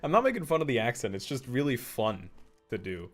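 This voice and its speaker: A man's voice: mid-range voice, expressive, brisk, faint music behind. A man in his twenties chatting casually and self-deprecatingly while streaming a game live, often stumbling over his words. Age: 20s. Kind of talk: casual live gameplay commentary.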